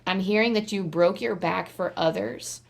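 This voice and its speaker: A woman of middling pitch gives a relaxed tarot reading to her viewers. Her talk rambles and circles, heavy with "like" fillers, and now and then jumps into high, excited squeals. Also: moderate pace, gravelly. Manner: chatty and rambling, full of "like" fillers. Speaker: tarot card reader. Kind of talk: casual pick-a-card tarot reading to camera.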